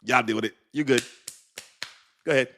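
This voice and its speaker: A man hosting a live stream, chatting loosely and animatedly in heavy slang. He laughs often and talks straight to his viewers. His voice sits at an ordinary male pitch. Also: moderate pace, fairly bright tone, slight background noise. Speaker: crypto livestream host. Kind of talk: casual livestream commentary.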